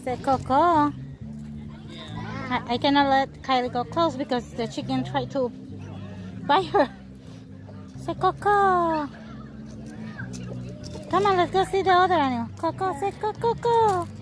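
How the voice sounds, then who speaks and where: A mother vlogging outdoors at a farm, talking slowly to her toddler in coaxing baby talk and making animal sounds. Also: high-pitched, over music. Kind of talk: casual vlog narration while talking to a toddler. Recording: noisy outdoor camera audio. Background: outdoor noise and animals.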